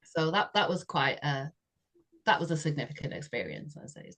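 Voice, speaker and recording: A woman's voice: low-pitched, very animated, moderate pace, fairly bright tone. A woman, a podcast co-host telling a personal story in a chatty way, often laughing and saying "you know". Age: 60s.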